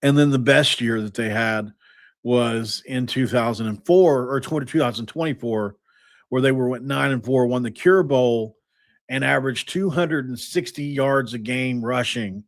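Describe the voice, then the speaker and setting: An energetic man hosts a casual sports talk show, piling up stats and tangents. His voice sits at a middle pitch. The sound is dry and close to the mic. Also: moderate pace, dry recording. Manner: energetic, stat-heavy, rambling. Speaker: podcast host.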